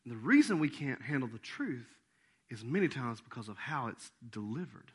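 A man preaching a sermon as pastor, animated, dropping to soft asides and jumping to loud acted-out quotes. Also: medium pitch, moderate pace, slightly rough.

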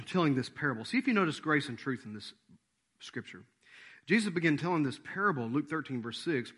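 A man preaching a sermon as pastor, animated, dropping to soft asides and jumping to loud acted-out quotes. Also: mid-range voice, breathy edge.

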